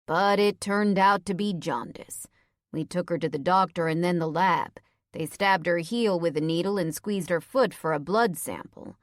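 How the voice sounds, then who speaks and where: Woman doing gentle cop, young dad, slow wry delivery, dry. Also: fairly low pitch, no room sound, lightly acted. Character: male police officer, friendly, soft-spoken young father. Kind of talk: audiobook character voice.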